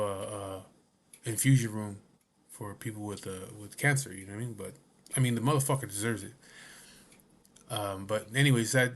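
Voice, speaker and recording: A man telling a personal story to camera in a casual, blunt way, swearing often and asking "you know what I mean". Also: lowish voice. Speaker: vlogger.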